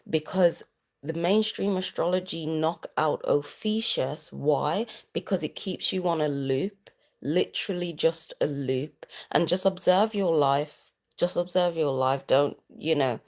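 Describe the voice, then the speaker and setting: A woman's voice: low voice, darkish tone. A woman giving a casual astrology talk on a livestream, chatty, repeating key phrases for emphasis.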